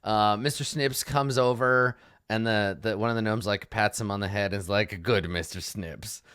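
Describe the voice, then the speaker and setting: A man's voice: lowish voice, steady tone, normal speed, fairly bright tone, clean tone, dry recording, clean studio sound. A young man narrating as game master, rambling with restarts and explaining the scene.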